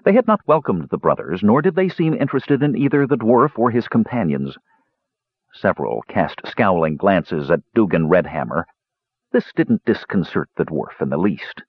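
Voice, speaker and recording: A man narrating a fantasy novel in measured, expressive storytelling. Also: low-pitched, slightly rough, dry recording, muffled recording. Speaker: audiobook narrator. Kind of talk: scripted narration.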